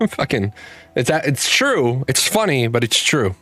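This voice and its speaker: Hosting a livestreamed show, a man chats casually with chat readers, rambling through stories with frequent restarts and talking to his cat. His medium-pitched voice is very animated yet slow-paced, pushed and bright, with faint music in the background.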